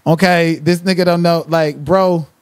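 High-voiced man ranting with profanity. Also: fairly even intonation, unhurried, clean tone, dry recording. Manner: confrontational, cursing, trash-talking. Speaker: livestream commentator. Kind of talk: profane livestream rant.

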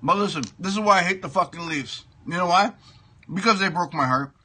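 Ranting man, sharp husky voice. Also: high voice, a little fast. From Toronto, Canada. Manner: profane, ranting, repeats himself; talks while eating pie. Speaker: show host. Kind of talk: comic sports rant.

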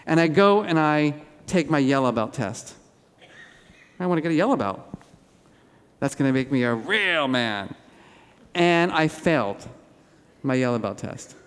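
A man giving an interactive keynote talk to an audience, animated and playful. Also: fairly high pitch, measured pace, pauses often, smooth. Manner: animated, role-plays an upset teen with the audience. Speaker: keynote speaker. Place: large hall with audience. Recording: reverberant auditorium.

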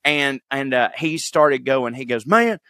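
A man, co-hosting a podcast and telling stories in a profane, animated way, acting out the people he quotes. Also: mid-range voice, measured pace, no echo, clean studio sound. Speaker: podcast co-host. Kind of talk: casual chat, comic storytelling.

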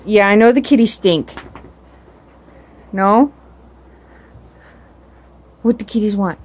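A woman's voice: mid-range voice, slow pace, darkish tone, slight background noise. A woman at home filming her cat on a phone, talking baby talk in coaxing, sing-song questions. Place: home indoors. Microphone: phone camera.

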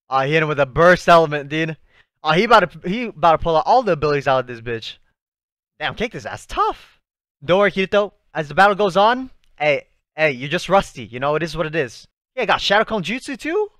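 A young man hosting a live anime reaction, talking excitedly to the screen in slangy, casual speech. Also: fairly high pitch, brisk, no echo, clean studio sound. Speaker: anime reaction channel host.

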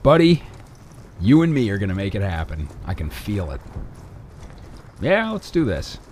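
A young man giving casual, sarcastic commentary over his own shooter gameplay, swearing and breaking into excited outbursts. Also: lowish voice, normal speed, a little hiss or hum.

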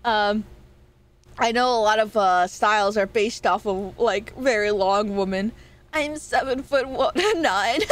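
Speaking slowly at a medium pitch, a woman streamer teases her viewers playfully. Her casual live-stream chat is often broken up by laughter.

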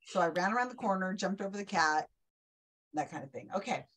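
A woman's voice: mid-range voice, lively intonation, fairly quick, a bit bright. A woman hosting an online trivia night, talking in a chatty, enthusiastic, rambling way over a video call. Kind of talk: casual online group chat.

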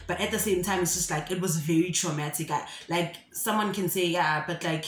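A woman's voice: lowish voice, fairly quick. A young South African woman with a South African accent, telling a personal story in a chatty, casual way full of fillers. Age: young adult. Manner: chatty, mixes English with local phrases, lots of fillers. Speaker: YouTuber. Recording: roomy echo with faint background music.

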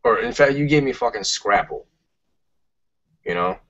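A man's voice: mid-range voice, expressive, moderate pace, fairly bright tone. A man, co-hosting a casual podcast, ranting emphatically and swearing a lot. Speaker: podcast co-host. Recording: muffled lo-fi podcast audio.

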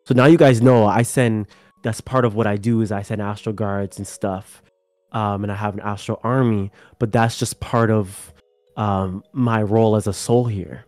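A man's voice: lowish voice, brisk, no room sound. Casual young man chatting on a spiritual stream. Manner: relaxed, rambling, swears casually. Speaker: channel host.

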